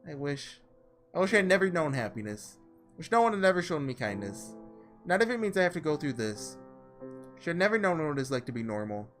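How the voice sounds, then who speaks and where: A man voicing a sorrowful young woman who was once a saint, read slowly and heavily. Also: a little high, very animated, faint music behind. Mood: grieving. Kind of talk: reading visual novel lines aloud.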